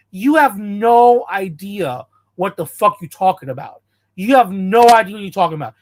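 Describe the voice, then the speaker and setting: Blunt, ranting American man. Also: high-pitched. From United States. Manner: blunt, confrontational, repeats himself for emphasis. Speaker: commentator reacting to a video. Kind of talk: heated casual rant.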